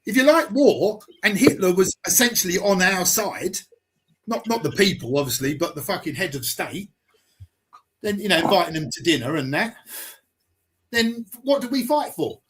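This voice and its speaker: Man, high voice, confrontational, swearing, rhetorical questions, live stream host. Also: animated, normal speed, a bit bright, slight background noise. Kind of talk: heated argument on a live stream.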